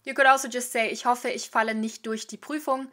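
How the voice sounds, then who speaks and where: A young woman teaches a casual video language lesson in a slightly high, bright, forceful voice. She keeps her delivery chatty and lively, tossing in quick asides to the viewer.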